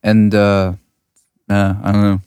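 A man's voice: lowish voice, monotone, takes it slowly, a little mellow, clear, resonant tone, dry recording. A young man, a music producer, chatting casually with lots of fillers in a studio. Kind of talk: casual chat. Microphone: studio mic.

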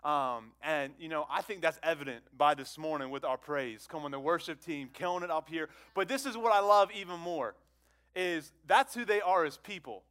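A man preaching a sermon to a congregation, conversational and repetitive, asking them questions and swinging between loud exclamations and hushed phrases. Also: fairly high pitch. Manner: conversational, repeats words, asks the congregation questions. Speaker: pastor.

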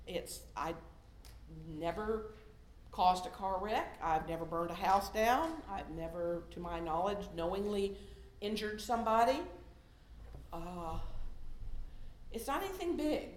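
A middle-aged woman preaches in a conversational tone, sometimes booming and sometimes dropping to a hush. Her voice rings around a roomy church, and faint room noise sits underneath. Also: expressive, unhurried, long pauses. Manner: conversational, shifting from loud emphasis to soft hushed tones. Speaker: lay preacher. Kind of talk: sermon.

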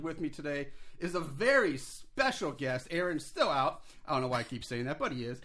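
Male podcast host, slightly high-pitched, chatty and upbeat, rambles through plugs and credits. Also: very animated, brisk, hardly any pauses, sharp tone. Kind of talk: casual podcast chat.

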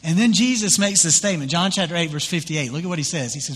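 Pastor, conversational sermon delivery, fairly high pitch, reverberant hall sound. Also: male voice, fast talker, hardly any pauses. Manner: conversational, animated retelling with acted quotes.

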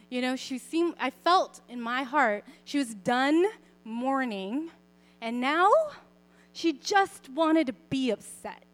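Young woman, faith speaker, fairly high pitch; conversational and expressive, with frequent soft, gentle passages. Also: slow pace. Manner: expressive, often softening to a quiet, gentle tone; conversational, with fillers and self-corrections. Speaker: Christian speaker sharing a parenting story. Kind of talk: personal faith talk.

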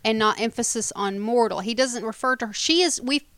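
A woman in casual chat, calmly taking apart plot holes with a sarcastic edge. Her voice is a touch high and very clear. The recording is dry and close. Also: a little fast, no room sound. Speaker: podcast co-host recapping a TV show.

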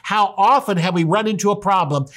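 A pastor delivers a sermon in an animated way, slipping into the voices of the people he quotes. He is a man with a voice that sits a little high for a man. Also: fairly quick.

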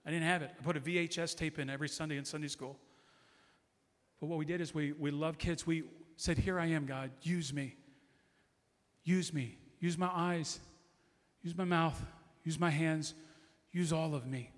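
A man's voice: on the high side, steady tone, normal speed, pauses often. A middle-aged man preaching a sermon as a guest pastor, passionate and repetitive in his declarations, in a church sanctuary. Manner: impassioned preaching with repeated declarations. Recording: long hall reverb.

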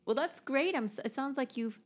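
A woman's voice: high-pitched, animated, fairly quick. A woman co-hosting a podcast in casual chat, laughing often and joking. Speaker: podcast co-host.

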